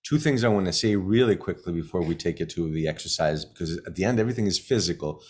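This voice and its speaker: Low-voiced man telling teaching stories. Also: animated, fast, slightly rough. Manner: emphatic, repeats key phrases. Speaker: shamanism teacher. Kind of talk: casual teaching talk with personal stories.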